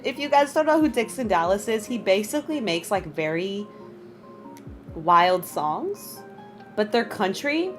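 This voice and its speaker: Over soft background music, a young woman plays a game on stream and talks easily with chat, calling out viewers by name. Her voice is sing-song and moderately paced, and she often laughs in high, sudden bursts.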